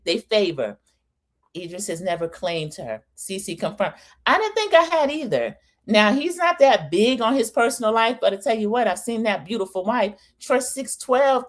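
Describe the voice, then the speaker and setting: A middle-aged woman hosts a live-stream recap in a relaxed, chatty way. She talks right to her viewers and calls out thanks to them by name as she goes. Her voice sits at an ordinary middle pitch. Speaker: host of a live-stream reality-TV recap show.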